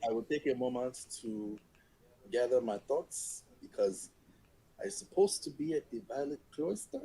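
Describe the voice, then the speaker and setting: Male player, slow, halting and deliberate, medium pitch. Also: sing-song, dark tone, slightly rough, poor audio. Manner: halting, deliberate, in-character speech. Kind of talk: tabletop role-play.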